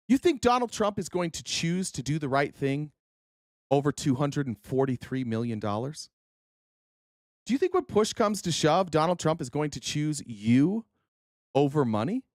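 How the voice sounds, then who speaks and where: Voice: medium pitch, sing-song, a little slow, pauses often, a little mellow, dry recording, clean studio sound. A political commentary host who reads news excerpts aloud and breaks into profane, sarcastic, heated rants.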